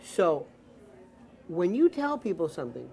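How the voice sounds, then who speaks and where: Animated male pundit at a dinner table, swooping pitch, acts out every quote. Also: measured pace, vocal fry. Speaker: political commentator guest. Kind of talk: casual dinner table conversation.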